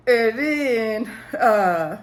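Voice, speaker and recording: A woman giving a casual, chatty recap of a reality show episode, acting out the cast's lines in quick bursts, with lots of fillers. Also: fairly high pitch. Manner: chatty, retells scenes by voicing the cast, many fillers and laughs. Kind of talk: casual recap with acted-out quotes.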